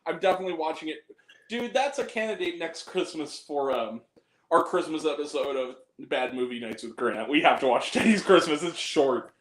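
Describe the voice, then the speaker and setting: A man's voice: on the high side, expressive, normal speed. A man reviewing a film on a podcast in casual chat, swearing freely and often breaking into laughter. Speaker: podcast guest. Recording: roomy echo.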